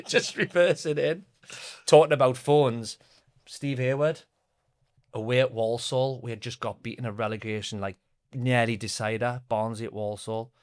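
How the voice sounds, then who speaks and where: A man's voice: mid-range voice, fairly even intonation, normal speed, clean tone. A man, telling football anecdotes in a chatty, laughing podcast conversation. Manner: chatty, laughing storyteller who reads out stories sent in. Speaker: podcast co-host.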